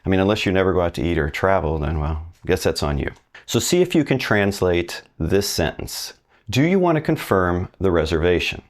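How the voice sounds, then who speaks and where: A man with a very low voice teaches a recorded language lesson. He talks in an upbeat, conversational way, quizzes the listener and stretches out example phrases slowly so they can repeat them. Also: lively intonation. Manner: asks the learner questions and pauses for answers. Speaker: Spanish teacher.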